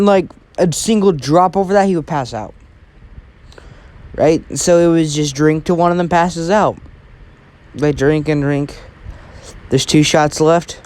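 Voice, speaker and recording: A man's voice: on the high side, darkish tone. A man casually telling an improvised story, rambling with many fillers and restarts.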